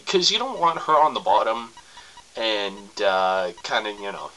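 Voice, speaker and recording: A young man rambles through crude advice in a bright, tense voice, breaking off with coughs and laughs. The recording carries a faint background hiss. He sounds loose and unscripted. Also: fairly low pitch, unhurried, rough recording. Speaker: vlogger giving sex tips. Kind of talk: casual to-camera advice.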